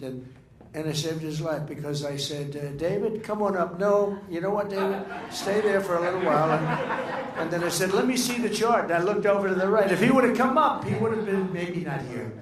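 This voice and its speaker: A man's voice: mid-range voice, slight background noise. An older man giving a rambling, off-the-cuff speech at a dinner, full of fillers and restarts. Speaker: political speaker. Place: dinner event in a large room. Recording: echoey room with faint ambience.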